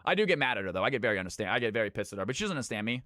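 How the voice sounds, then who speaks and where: Bright-voiced man hosting a live stream. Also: lowish voice, sing-song, no echo, studio quality. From California. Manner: brisk, swears, talks to chat. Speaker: streamer running viewer games. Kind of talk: casual live-stream chat.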